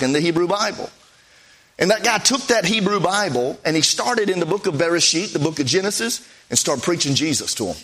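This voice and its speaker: Baptist preacher guy telling stories, high bright voice, folksy and lively. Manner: folksy, animated storytelling with acted quotes. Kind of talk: storytelling sermon.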